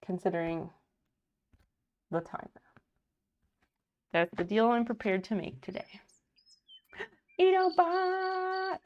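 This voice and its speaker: A woman's voice: on the low side, unhurried, long pauses, lo-fi sound. A woman livestreamer chatting casually at home, thanking viewers by name while sewing.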